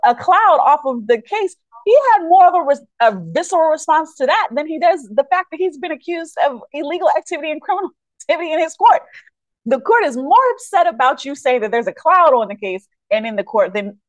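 A woman delivers indignant legal commentary with a sarcastic edge, breaking into mocking quotes. Her voice sits on the higher side. The recording is dry and close, with no room sound. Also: dry recording. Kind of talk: commentary over court footage.

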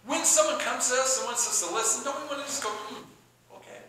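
A man preaching a sermon in an animated, excitable way, often acting out both sides of a conversation. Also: very high-pitched, fast, very echoey, slight background noise, low-quality recording. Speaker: pastor.

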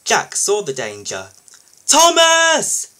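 Guy reading a kids' storybook aloud, animated, bright kinda breathy voice. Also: medium pitch, unhurried, poor audio. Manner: lively, expressive read-aloud. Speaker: YouTube storybook reader.

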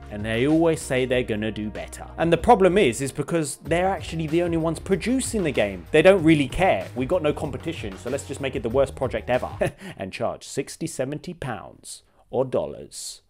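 Brief: male gaming commentator, mid pitch, animated, sarcastic. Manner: chatty, exasperated, sarcastic. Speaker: gaming channel host.

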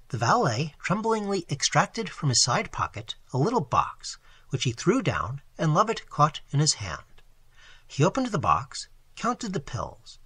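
A man narrating a classic novel as an audiobook, in an expressive, animated storytelling manner. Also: fairly high pitch, normal speed, slightly rough, dry recording.

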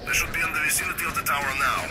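A man's voice: a little high, fairly even intonation, rapid-fire, natural voice. A man voicing a commanding male soldier leading a squad, with clipped military radio talk. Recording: loud game music behind voice.

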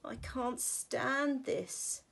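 A woman voicing a weary, grumbling father bear in a storybook reading, complaining slowly and drawn out. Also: a little high, fairly even intonation. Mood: exasperated.

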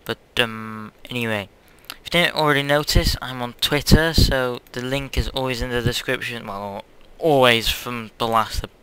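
A man's voice: mid-range voice, normal speed, pushed and bright, clear, resonant tone. A young man hosting his own gaming channel, chatting casually over gameplay in a hyperactive, silly, rambling way.

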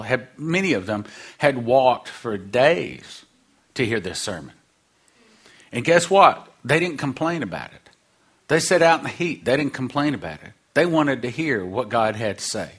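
A man's voice: mid-range voice, very animated, unhurried, a bit bright, husky. A man preaching a sermon, acting out quoted voices and dropping humorous asides.

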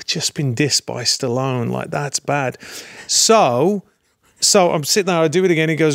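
Animated British storyteller, middle-aged, gravelly tone, dry studio mic. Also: male voice, on the high side, unhurried, no echo. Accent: British English. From Britain. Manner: animated storyteller, laughs often. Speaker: actor guest. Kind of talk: casual anecdote telling.

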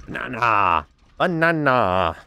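A man's voice: mid-range voice, very animated, slow, vocal fry, bright, forceful tone, soft background music. A man playing a VR game, joking and muttering to himself as he goes. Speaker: gaming YouTuber.

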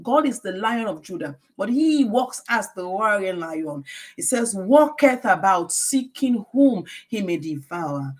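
A middle-aged woman preaching a sermon, reading scripture aloud and explaining it slowly and with emphasis. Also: mid-range voice.

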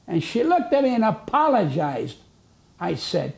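A man's voice: high-pitched, sing-song, a little slow, creaky. A man telling a story in an interview, building to emphatic rhetorical questions.

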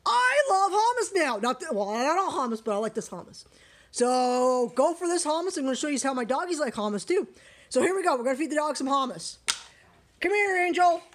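Very high-voiced gushing Canadian woman. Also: expressive, fast talker. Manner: gushing, repetitive, baby talk to her dogs. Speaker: vlogger. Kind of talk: casual home vlog. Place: home, feeding her dogs.

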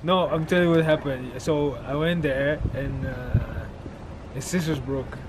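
A man's voice: a little high, measured pace, over a noisy crowd, rough recording. A man chatting casually outdoors for a vlog, teasing and laughing off excuses. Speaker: vlogger's partner. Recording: outdoor street noise clearly behind.

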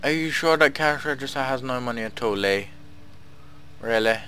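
A man's voice: mid-range voice, moderate pace, bright, forceful tone, slight background noise. A young man casually commentating a story game, sarcastic and swearing freely, talking back at the characters on screen. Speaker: gamer playing through a story game. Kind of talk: casual let's-play commentary.

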